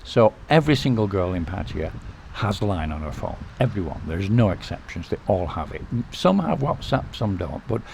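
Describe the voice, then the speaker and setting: A man with a lowish voice talks casually to the camera as a vlog host, handing out advice. He is relaxed and repeats points, and he keeps tagging his sentences with a quick "okay?". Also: creaky, a little hiss or hum.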